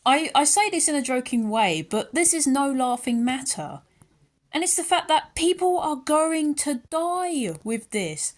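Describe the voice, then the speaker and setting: A young British woman ranting angrily into her channel's camera, sarcastic and worked up, her pitch jumping up and down as she talks. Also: very animated, unhurried. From United Kingdom. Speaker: YouTuber. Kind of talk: ranting vlog commentary.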